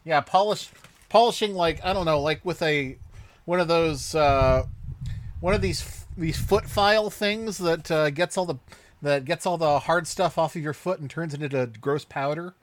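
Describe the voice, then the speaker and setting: A man co-hosting a podcast, explaining things in an animated, casual way. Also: fairly high pitch, normal speed, dry recording. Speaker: podcast co-host. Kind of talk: casual discussion.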